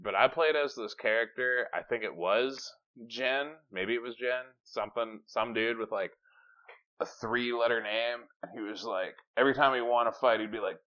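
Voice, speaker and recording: A man's voice: fairly low pitch, pushed and bright. A man hosting a podcast, chatting casually, rambling and swearing, sometimes reading from notes. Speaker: podcast host. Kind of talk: casual chat. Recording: dull lo-fi podcast audio.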